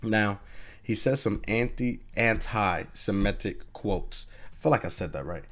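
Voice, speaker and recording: A man's voice: fairly low pitch, animated, moderate pace. A man hosting his own podcast, talking loosely and conversationally as he gives his opinions and keeps asking the listener to agree. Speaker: podcast host. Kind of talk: casual opinion monologue.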